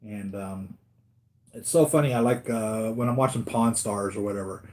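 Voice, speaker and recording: A man's voice: lowish voice, normal speed, darkish tone. A man hosting a live stream about his collectibles, chatting casually and rambling, acting out the voices of people in his stories. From United States. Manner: rambling, acts out voices of others in anecdotes. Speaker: collectibles channel host.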